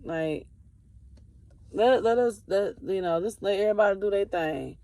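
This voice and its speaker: A woman's voice: mid-range voice, moderate pace, warm tone, dry recording. Candid woman vlogging, dry close sound. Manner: candid, conversational, swears casually. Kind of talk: casual talk to camera.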